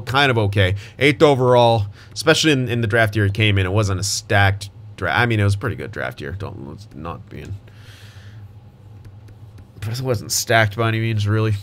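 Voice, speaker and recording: A young gaming YouTuber gives casual gameplay commentary in a voice on the low side, thinking aloud and restarting his sentences. Hiccups and voice cracks come through as he talks.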